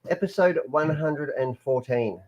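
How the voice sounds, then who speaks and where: A man's voice: fairly high pitch, unhurried, background noise. A man hosting a hobby show, joking and rambling in casual chat.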